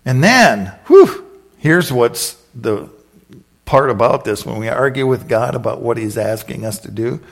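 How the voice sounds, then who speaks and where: A man preaching a sermon, retelling scripture in a lively storytelling way and acting out the voices. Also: mid-range voice, normal speed, creaky. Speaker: pastor.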